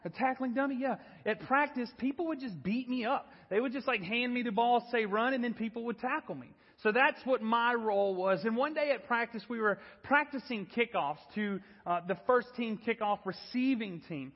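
A man in his thirties preaches a sermon in a high, husky voice, telling stories in an animated and self-deprecating way. His voice carries the long reverb of a church hall, and the recording sounds dull and muffled. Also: moderate pace, few pauses. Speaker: pastor. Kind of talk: sermon with storytelling.

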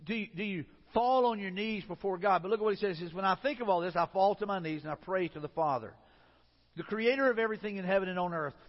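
A man's voice: sits high, fast. A man, a pastor giving a sermon in a conversational way, often repeating and restarting his phrases. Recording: muffled sound in a reverberant hall.

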